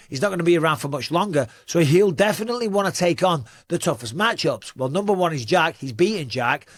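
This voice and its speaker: A man's voice: a little high, no room sound, clean studio sound. A middle-aged man giving casual, emphatic fight commentary as host, often putting questions to his audience. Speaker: podcast host and MMA analyst.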